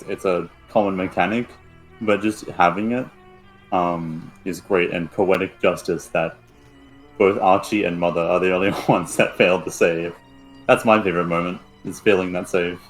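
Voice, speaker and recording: Man, very deep voice, rambling gamer chat, swears, faint music. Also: poor audio. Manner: rambling, laughing, swears freely. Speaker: player. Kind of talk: casual chat.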